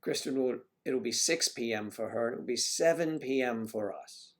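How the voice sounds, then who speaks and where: Chatty guy on a livestream, rambling, lots of "you know", mid pitch. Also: normal speed. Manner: rambling, chatty, full of asides. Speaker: livestream host. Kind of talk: casual chat.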